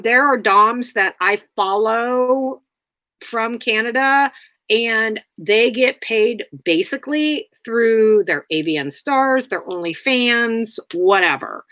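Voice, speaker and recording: Brief: woman livestream host, unhurried delivery, blunt and rambling, dry close sound. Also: on the high side, pushed and bright, no echo. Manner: rambling, many fillers, blunt. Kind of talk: casual livestream chat answering viewers.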